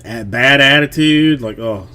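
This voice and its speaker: A man in his thirties, a streamer and father of a young daughter, chats casually on a livestream about fatherhood, rambling with plenty of fillers and restarts. His voice is medium-pitched and sharp in tone, and he speaks unhurriedly.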